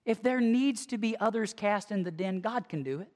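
A preacher delivering a conversational sermon, emphatic, swinging from lively to hushed. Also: medium pitch, moderate pace. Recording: long hall reverb.

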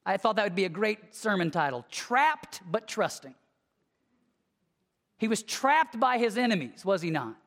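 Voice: mid-range voice, unhurried. Emphatic preacher in a reverberant hall. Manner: conversational, emphatic, with sudden swings from lively to hushed. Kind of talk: sermon.

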